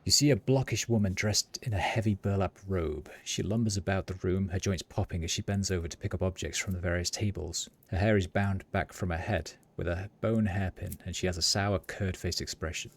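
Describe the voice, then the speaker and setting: A man's voice: sits low, steady tone, fairly quick, hardly any pauses, slightly rough. A man streaming a role-playing game, reading its text aloud and reacting in a wry, casual way. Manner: wry, reads descriptions then reacts with casual swearing.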